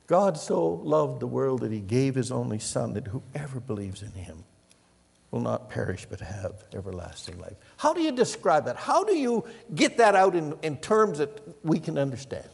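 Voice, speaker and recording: An older man preaching a sermon, telling stories and moving between loud emphasis and hushed, quiet passages. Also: medium pitch, very animated, normal speed, creaky, breathy edge, long reverb tail. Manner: storytelling, swings from loud emphasis to hushed near-whispers. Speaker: pastor.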